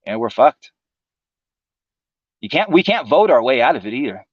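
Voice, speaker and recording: A man's voice: medium pitch, big pitch swings, normal speed, no room sound, highs cut off. A man hosting a livestream, delivering a profane, sarcastic political monologue in a casual ranting manner. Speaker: livestream host.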